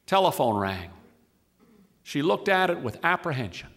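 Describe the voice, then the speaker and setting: A man reading a humorous story aloud with a wry, deadpan delivery. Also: on the high side, moderate pace.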